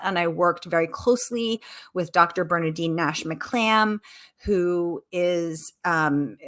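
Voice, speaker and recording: A middle-aged woman author answering questions in a casual livestream Q&A, animated and exclamatory, breaking into quick laughs. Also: on the low side. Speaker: author being interviewed.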